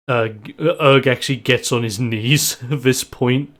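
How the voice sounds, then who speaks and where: A man's voice: mid-range voice, unhurried, a bit bright. A man narrating as game master in a loose, laughing storytelling manner.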